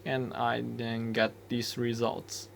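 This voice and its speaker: A man's voice: mid-range voice, completely flat delivery, takes it slowly, vocal fry, fairly bright tone, slight background noise. A man explaining microcontroller code step by step, thinking aloud with hesitant restarts. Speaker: embedded developer explaining code. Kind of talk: screen-recorded coding walkthrough.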